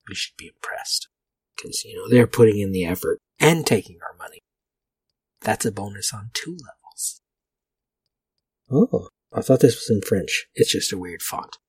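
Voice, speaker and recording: Male podcast host, lowish husky voice, dry close mic, wry rambling commentary with casual swearing. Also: expressive, normal speed, no echo. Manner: rambling, wry and profane asides. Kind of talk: casual commentary reading vintage liquor ads.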